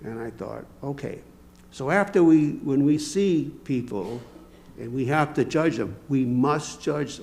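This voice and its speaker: Folksy older man with a gravelly voice. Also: mid-range voice, lively intonation, measured pace, darkish tone. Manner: folksy, anecdotal, acts out dialogue. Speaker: lay speaker at a church service. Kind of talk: conversational sermon with storytelling.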